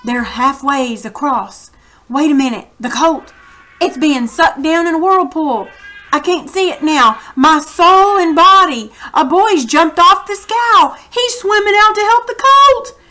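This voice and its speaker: Woman voicing a hoarse shouting fisherman. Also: big pitch swings, measured pace, hardly any pauses, exaggerated voice. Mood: nervous reporting. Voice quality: hoarse, cracking voice. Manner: shouting high-pitched news across the water. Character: hoarse excited male fisherman shouting reports.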